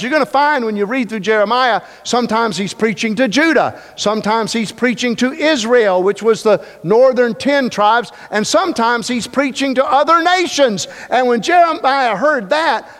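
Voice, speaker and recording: A man's voice: very high-pitched, normal speed, hardly any pauses, fairly bright tone. A male pastor preaching a sermon, emphatic and repetitive, with joking asides. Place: church sanctuary. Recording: long reverb of a church hall.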